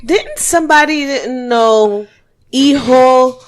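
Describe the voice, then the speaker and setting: A woman co-hosts a casual wrestling podcast in a slightly higher-pitched voice. She teases her co-hosts with a sassy, playful edge. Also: slow pace. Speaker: podcast co-host.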